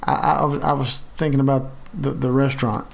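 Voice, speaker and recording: Brief: male sports-show host, mid-pitched, gravelly, stop-start delivery. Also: level tone. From Alabama. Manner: halting, many fillers and restarts. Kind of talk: casual sports talk.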